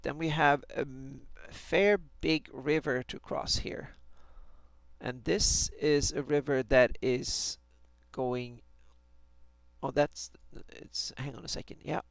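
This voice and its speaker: Brief: man, mid pitch with gravelly fry, dry close sound, musing hesitantly while streaming map work. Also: a bit bright, no room sound. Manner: hesitant, many restarts and fillers. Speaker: fantasy map maker streaming his work. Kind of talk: thinking aloud on a live stream while drawing a map.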